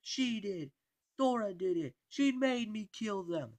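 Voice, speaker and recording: A man putting on the high, frantic voice of a crazed young cartoon aardvark boy confessing, shouting shrilly during a creepypasta reading. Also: expressive, unhurried.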